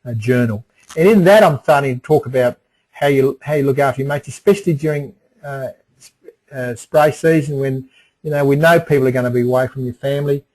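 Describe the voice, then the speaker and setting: Over a rough recording, a middle-aged man with a brisk, medium-pitched, darkish voice leads a webinar on emotional resilience. His delivery is folksy, full of repeated phrases and frequent restarts.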